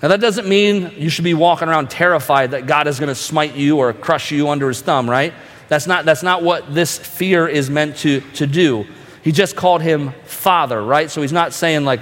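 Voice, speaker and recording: Pastor, male, earnest sermon delivery with rhetorical questions, slightly high voice, reverberant hall. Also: moderate pace, a bit bright.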